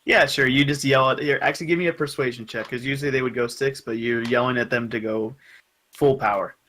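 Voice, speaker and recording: A man running a tabletop game as game master, explaining the rules calmly. His voice sits in a middle pitch, and he laughs easily between rulings. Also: fast talker, a little hiss or hum, poor audio.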